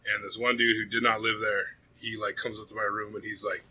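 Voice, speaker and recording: A young adult man co-hosting a podcast, telling a story in a rambling, profane and animated way. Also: on the low side, brisk, a little hiss or hum, poor audio. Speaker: podcast co-host. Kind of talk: casual storytelling chat.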